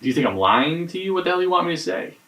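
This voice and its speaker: A man's voice: sits low, normal speed, far from the mic, music in the background, poor audio. An actor playing a defensive man questioned by police in a mystery game, talking evasively and swearing. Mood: guarded. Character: defensive, guarded young man under police interrogation.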